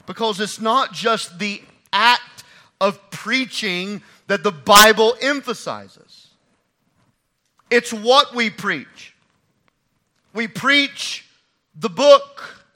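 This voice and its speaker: A preacher, a man, delivers his sermon with great emphasis, repeating phrases to drive them home. His voice sits high and rings very bright. He swings between quiet, low-spoken lines and shouted climaxes.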